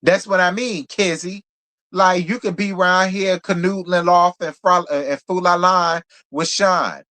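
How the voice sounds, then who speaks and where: Man, fairly high voice, sassy, blunt live recap. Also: steady tone, unhurried, bright, forceful tone. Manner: sassy, blunt, talks straight to viewers. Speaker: reality show reviewer. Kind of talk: live stream recap chat.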